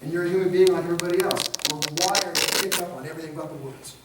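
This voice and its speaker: A man's voice: high-pitched, fairly even intonation, very fast, heavy background noise. A man teaching a de-escalation training class, lecturing animatedly and acting out examples in mocking voices. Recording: echoey room, recorded from far off.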